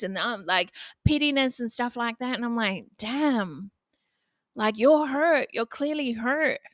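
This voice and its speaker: A woman's voice: a little high, a bit bright, no echo, clean studio sound. A young woman hosting a casual solo podcast, talking bluntly and swearing freely. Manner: blunt, frequent swearing, chatty. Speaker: podcast host.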